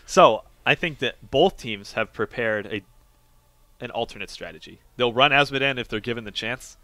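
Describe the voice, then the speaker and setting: A man's voice: medium pitch, lively intonation, measured pace, sharp tone, no room sound. A young man co-casting an esports match, playful and analytical, on a headset mic. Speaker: esports co-caster. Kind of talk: casual esports commentary.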